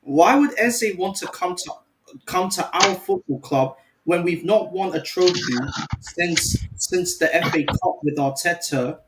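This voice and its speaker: A man with a fairly high voice joins a fan stream and winds the others up with a contrarian, teasing rant. He talks casually and keeps pushing his point. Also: animated, a little slow, background noise. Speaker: guest fan. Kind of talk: casual chat.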